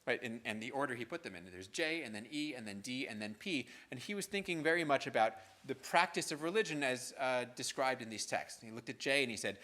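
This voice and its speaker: A man's voice: medium pitch, lively intonation, fast, few pauses, sharp tone. Casual conversational male lecturer. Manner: conversational, frequent "right?" and fillers. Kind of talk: university lecture. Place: lecture hall.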